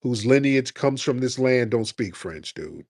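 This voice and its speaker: A man's voice: mid-range voice, lively intonation, a little slow, darkish tone, no echo, studio quality. Combative man hosting a debate. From Detroit, USA. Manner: combative, repeats himself, calls the caller sir and dude. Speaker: show host. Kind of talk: heated call-in debate.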